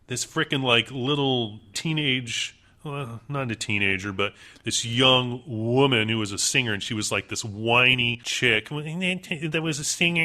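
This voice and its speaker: A man's voice: on the low side, pushed and bright. A man co-hosting a casual podcast chat, enthusiastic and full of fillers. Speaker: podcast co-host.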